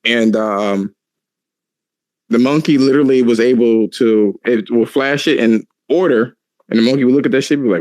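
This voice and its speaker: A man co-hosting a podcast, chatting casually with profane, animated storytelling and frequent laughter. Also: mid-range voice, normal speed, dry recording. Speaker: podcast co-host. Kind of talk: casual chat.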